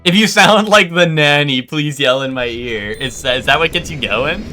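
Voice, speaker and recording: With game music behind him, a young New Jersey streamer talks through his gameplay at a moderate pace in a slightly high, bright and forceful voice. His casual chat rambles, full of fillers and false starts.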